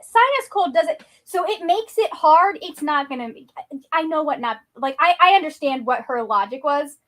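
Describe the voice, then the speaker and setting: A woman co-hosting a livestream in animated casual chat, laughing a lot and reassuring the host. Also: high voice, normal speed.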